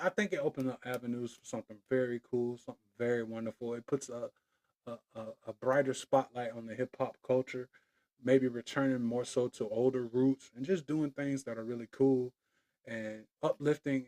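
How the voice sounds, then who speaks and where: A man's voice: mid-range voice, fairly even intonation, a little fast, a little mellow. A man hosting his own podcast, talking loosely and playfully, drifting into rhymes and chuckles. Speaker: podcast host. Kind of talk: casual solo podcast monologue.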